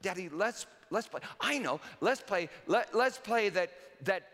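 A man's voice: expressive, measured pace, fairly bright tone, heavily acted. A man voicing an eager four-year-old girl who stammers as she begs her father to play. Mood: pleading. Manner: eager, stammering, high childish voice. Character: excited little girl, about four, pleading to play. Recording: reverberant hall.

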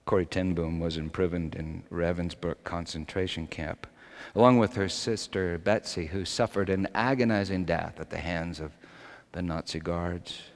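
A man preaching a sermon, moving between hushed, quiet passages and impassioned, raised delivery. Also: sits low, fairly even intonation, moderate pace, long reverb tail. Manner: impassioned, swings from hushed to shouting.

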